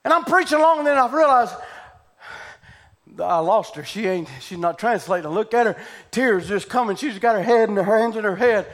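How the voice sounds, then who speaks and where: Fiery revival preacher, man, very high and ringing voice, shouting, faint congregation behind. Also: expressive, fairly quick. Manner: fervent, shouting, exclaims hallelujah. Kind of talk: revival sermon and prayer. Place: church building with congregation.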